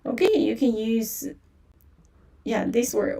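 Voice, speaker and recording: Woman, teacher, very slow patient delivery, mellow gravelly voice, a little distant from the mic. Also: a little high, very animated. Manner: slow and patient, repeats phrases many times, fillers like "yeah". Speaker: Chinese language teacher. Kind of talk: livestream language lesson.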